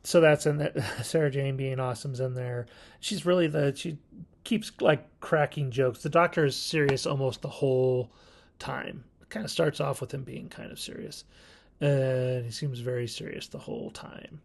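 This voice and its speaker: A man's voice: medium pitch, steady tone, moderate pace, creaky, a little hiss or hum. A man hosting his own video channel, giving a casual, rambling review of a classic TV serial, often correcting himself and chuckling.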